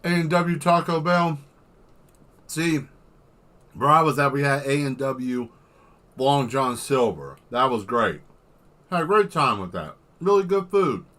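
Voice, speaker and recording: A man's voice: mid-range voice, lively intonation, a little slow, pauses often, fairly bright tone. A man chatting casually on a livestream while drawing, rambling into exaggerated comic rants and swearing freely. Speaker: artist streaming while drawing.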